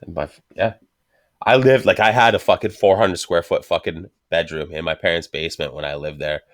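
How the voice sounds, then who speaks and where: A man's voice: low-pitched, a little fast. A man hosting a casual chat, swearing constantly and telling stories with animation. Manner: profane, animated storytelling.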